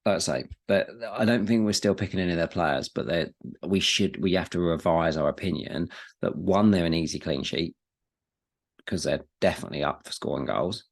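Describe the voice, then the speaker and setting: This football podcast co-host speaks briskly in a very deep, gravelly voice. Chatting easily, he rambles, repeats himself, and drops in the odd swear word.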